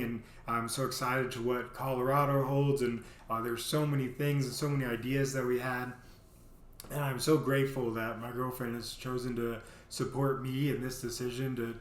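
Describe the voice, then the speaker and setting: A man telling a casual story to his vlog audience, rambling with lots of filler words. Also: mid-range voice. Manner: rambling, heavy on "you know" fillers. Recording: roomy echo.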